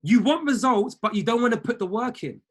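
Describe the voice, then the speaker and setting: A high-voiced man coaches traders like a preacher, urging his listeners on and hammering points home by saying them again. His voice is husky. He speaks straight to the group. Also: animated, a little fast. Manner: preacher-like, repeats lines for emphasis; exhorting, talks straight to listeners. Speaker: trading coach. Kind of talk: motivational talk to an online group.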